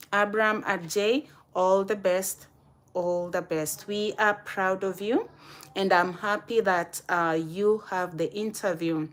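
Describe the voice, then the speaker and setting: A woman with a Kenyan accent hosting a casual live stream, chatting and addressing viewers directly by name. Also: medium pitch.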